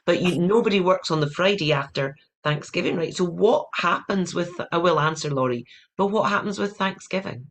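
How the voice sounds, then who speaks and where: A woman's voice: lowish voice, normal speed, slight background noise. A woman from Europe on a panel discussion, wry and joking, laughing as she talks over a video call. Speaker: panelist, mystery writer.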